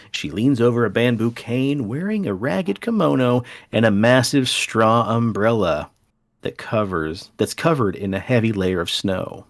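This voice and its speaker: A man's voice: medium pitch, animated, unhurried. Playful, dramatic male podcast storyteller. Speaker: podcast host.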